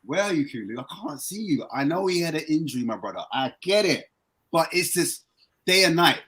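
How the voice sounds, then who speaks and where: Brisk and husky, a football-fan guest on a relaxed podcast speaks with animated excitement. His voice rises sharply whenever he gets worked up.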